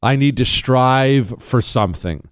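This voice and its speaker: A man's voice: medium pitch, animated, measured pace, no room sound, clean studio sound. A man hosting a call-in advice radio show, blunt and emphatic, repeating his key points. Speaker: radio talk show host. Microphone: studio microphone.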